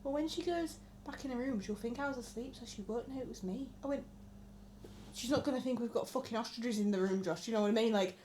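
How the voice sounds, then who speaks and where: Animated young woman telling stories. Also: fairly high pitch, fast, slight background noise. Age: 20s. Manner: storytelling with acted-out quotes, frequent swearing. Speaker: podcast co-host. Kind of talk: casual chat.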